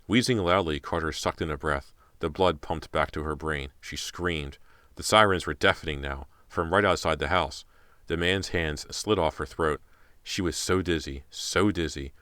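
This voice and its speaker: A man's voice: extremely low pitch, normal speed, pushed and bright, clear, resonant tone, no room sound, studio quality. A man narrating an audiobook in a tense, dramatic way. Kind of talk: scripted narration.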